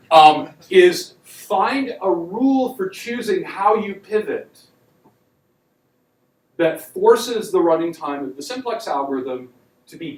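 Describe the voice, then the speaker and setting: A man giving a university lecture in a casual, wry way, with frequent ums and words he leans on. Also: a little high. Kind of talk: classroom lecture. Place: lecture hall. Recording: echoey lecture hall, voice from a distance.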